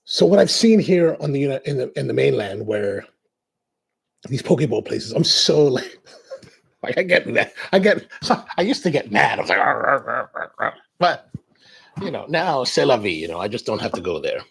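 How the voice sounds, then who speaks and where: A man's voice: medium pitch, very animated, moderate pace, gravelly, husky. A man hosting a coffee show, chatting casually in a rambling way, drifting off on tangents and restarting his sentences. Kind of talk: casual chat.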